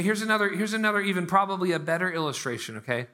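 A man in his thirties from Pittsburgh preaching a sermon as pastor, moving between loud, emphatic bursts and slow, quiet lines. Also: sits high, lively intonation.

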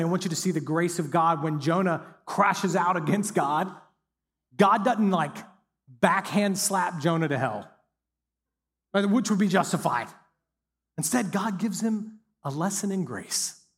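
A man's voice: a little high, in a large hall. A male pastor, preaching a conversational sermon that builds to emphatic peaks.

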